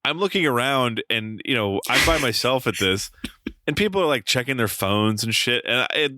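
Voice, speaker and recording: A man co-hosting a podcast, telling an animated story in casual chat, swearing freely and using lots of fillers. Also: medium pitch, normal speed, no room sound. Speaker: podcast co-host.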